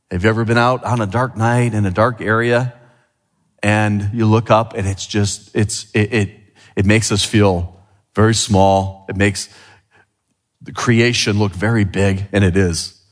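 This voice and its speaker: Preaching man in an echoing church. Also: mid-range voice. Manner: asks the congregation rhetorical questions; lively preaching, swings from quiet to emphatic. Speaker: pastor. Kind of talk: sermon. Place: church sanctuary. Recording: long hall reverb.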